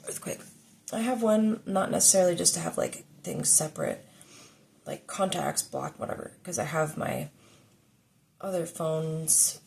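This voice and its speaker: Woman, vlogger, casual chat to camera, rambling, filler-heavy, swears when annoyed, gravelly fry. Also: lowish voice, darkish tone, a little hiss or hum. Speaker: vlogger giving safety tips.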